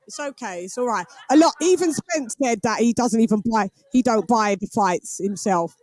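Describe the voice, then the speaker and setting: A woman hosting a live boxing stream, animated and laughing as she talks back to her chat. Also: fairly high pitch, moderate pace. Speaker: boxing show host.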